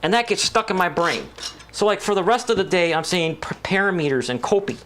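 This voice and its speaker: A man's voice: sits high, brisk, a bit bright, a little hiss or hum. A man chatting casually and rambling with jokes while working on a computer build. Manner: rambling, joking, mimics voices. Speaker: PC building vlogger.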